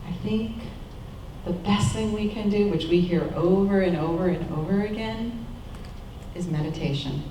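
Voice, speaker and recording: Calm woman preaching in an echoey room. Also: lowish voice, far from the mic, a little hiss or hum. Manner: calm, measured, reflective. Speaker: minister. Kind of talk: sermon.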